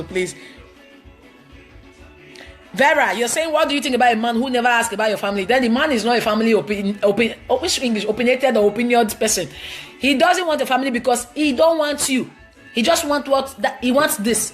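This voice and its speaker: A woman with a Nigerian accent answering viewer questions on a live stream, giving blunt, emphatic, preachy relationship advice. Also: a little high.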